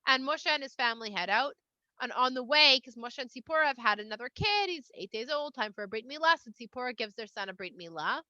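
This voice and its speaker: A woman retells a Bible story for kids in loose, slangy chat, her voice high and bright. The sound is dry and a little dull, like a modest home recording. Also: animated, fast, no room sound. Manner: slangy, playful, conversational. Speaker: storyteller for children. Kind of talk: casual retelling of a Torah portion.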